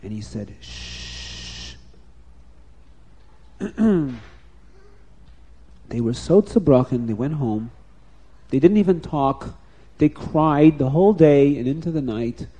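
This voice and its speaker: A man telling a story to children in a lively, expressive way, dropping soft and rising loud. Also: on the high side.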